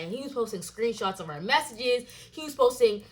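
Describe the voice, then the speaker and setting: A young woman telling a storytime vlog as a casual rant, swearing and acting out quoted lines in a higher voice. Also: lively intonation, fairly quick. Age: young adult.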